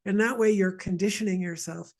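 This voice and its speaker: A woman's voice: mid-range voice, steady tone, fairly quick, a little mellow. A woman from Montreal leading a guided wellness session, chatty and rambling with lots of asides. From Montreal, Canada. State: mild asthma. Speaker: energy healer leading a session.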